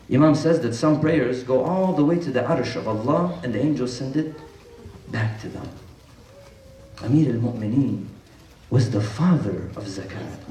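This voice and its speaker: A man's voice: fairly high pitch, a little mellow, slight background noise. A man preaching an impassioned sermon, retelling stories with emphatic rises in his voice. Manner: impassioned, rising to emphatic peaks. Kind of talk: sermon with retold dialogue. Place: large mosque hall. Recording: echoey hall, distant mic.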